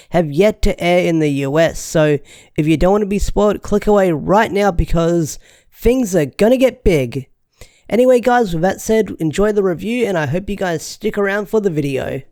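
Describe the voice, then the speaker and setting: Young male reviewer, slightly high voice, clean close sound; chatty, excitable, loose and rambling. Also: clear, resonant tone, dry recording. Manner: chatty, enthusiastic, rambling with restarts. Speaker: show reviewer. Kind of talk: casual video review.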